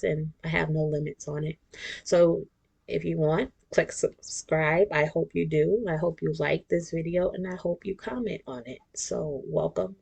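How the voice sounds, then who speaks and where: A woman talks through her own podcast in an unhurried, drawn-out way. Her voice sits low and has a gravelly fry to it, along with a husky edge. She is chatty and emphatic, and she drops into whispered asides. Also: mellow. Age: 40s. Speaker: podcast host. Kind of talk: casual podcast monologue.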